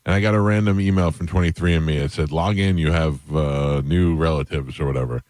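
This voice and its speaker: Man, very deep voice, dry close mic, casual radio banter, rambling storyteller. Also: steady tone, fairly quick, a little mellow, dry recording. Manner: rambling, self-mocking storyteller. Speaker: radio show host.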